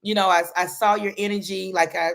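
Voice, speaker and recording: A woman coach speaks as a guest over a video call, earnest and passionate. She drives her points home by repeating them, in a gravelly voice at a middling pitch. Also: steady tone, a little fast. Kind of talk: casual interview talk.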